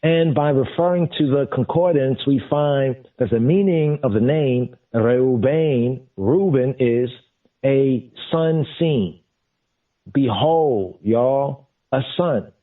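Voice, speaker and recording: Man, scripture teacher, unhurried, repeats words, distant mic, tinny phone-like sound. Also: mid-range voice, lively intonation. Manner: deliberate, repeats and glosses each term. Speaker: Bible teacher.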